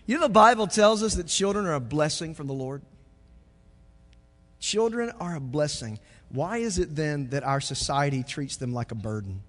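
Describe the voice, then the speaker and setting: A pastor preaching a sermon, moving from quiet reflection to loud, joking stretches. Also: male voice, a little high, expressive, moderate pace, long reverb tail.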